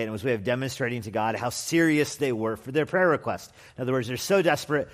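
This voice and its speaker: A man preaching an expository sermon as pastor in a conversational manner with wry asides, sometimes acting out quoted voices. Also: mid-range voice. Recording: long hall reverb.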